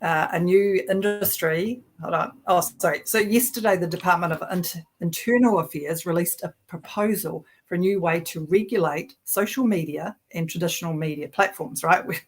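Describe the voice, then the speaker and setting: A woman's voice: on the low side, moderate pace, few pauses. A woman with a New Zealand accent co-hosting a political livestream, chatty and sarcastic, often restarting her sentences. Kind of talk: casual political talk show.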